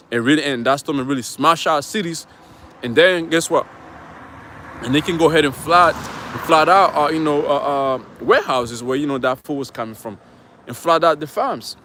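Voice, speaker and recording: A man's voice: a little high, fairly quick, sharp tone. A man preaching from scripture on a live stream, rambling and emphatic, with frequent profanity and fillers, outdoors near traffic. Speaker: street preacher.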